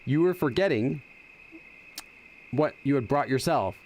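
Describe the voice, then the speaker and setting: A man's voice: mid-range voice, lively intonation, measured pace, a little mellow, slight background noise. A middle-aged man hosting a casual game playthrough, chatty and explaining as he goes. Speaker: gaming channel host. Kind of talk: casual let's-play commentary.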